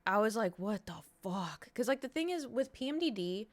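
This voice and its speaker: A woman's voice: on the high side, animated, fairly quick. A woman streamer chatting casually on a live stream, rambling and candid, swearing freely.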